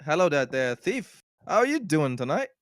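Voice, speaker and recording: A man's voice: a little high, very animated, moderate pace, dry recording, studio quality, voice pushed up. A man voicing a frog man in a tabletop game, overly courteous and formal, with odd grammar and a put-on accent. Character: polite, stiffly formal frog man adventurer.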